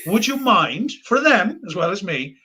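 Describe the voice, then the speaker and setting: A man's voice: sits high, big pitch swings, unhurried, bright, forceful tone, breathy edge. An Irish man, a comedian guest, joking and rambling through a casual chat. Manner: joking, rambling, full of asides and laughter.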